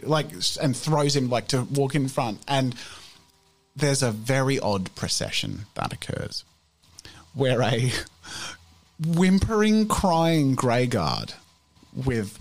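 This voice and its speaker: A man narrating a tabletop game as game master, acting out characters with sudden shouts. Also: mid-range voice, big pitch swings, takes it slowly.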